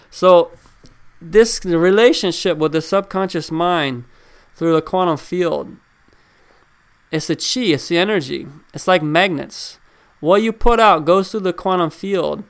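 A man's voice: on the high side, clean tone. A man giving a casual motivational talk, speaking straight to his listeners with questions and driving his points home by repeating them. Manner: conversational, drives points home with repetition; addresses listeners directly with questions. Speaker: self-help speaker.

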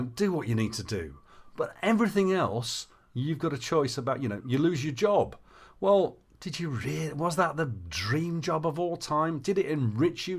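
A man who works as a coach, telling stories and giving advice in conversation, acting out the dialogue he quotes. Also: on the high side. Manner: animated storyteller, acts out quoted dialogue.

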